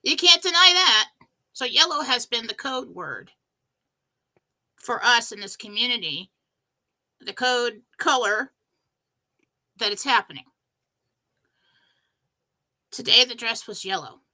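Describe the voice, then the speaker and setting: A woman hosting a show, telling a spiritual story in an emphatic, breathless, animated way. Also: fairly high pitch, slow pace, long pauses, rough recording. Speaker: show host.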